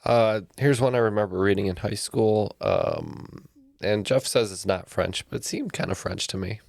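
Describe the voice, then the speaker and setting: Gravelly low-voiced man on a quiz podcast. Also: sing-song, normal speed, darkish tone, dry recording. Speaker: quiz contestant. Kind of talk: casual podcast banter.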